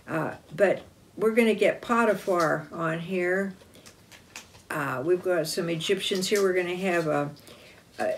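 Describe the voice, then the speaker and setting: A woman telling a Bible story to children in chapel with a map and figures. She speaks deliberately and expressively and sometimes corrects herself. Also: fairly low pitch, a little hiss or hum. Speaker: chapel teacher.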